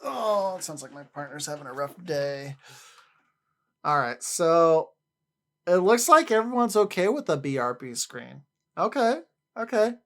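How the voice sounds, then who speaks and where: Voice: medium pitch, big pitch swings, measured pace, long pauses. A livestreamer in casual chat with viewers, rambling, often repeating and restarting words, and laughing easily.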